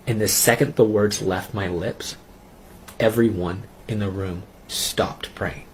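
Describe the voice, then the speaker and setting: A man telling his personal faith testimony in an earnest, intense way, pausing and restarting as he recounts it. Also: on the low side, slight background noise. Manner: earnest, intense storytelling with halting pauses. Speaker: testimony speaker.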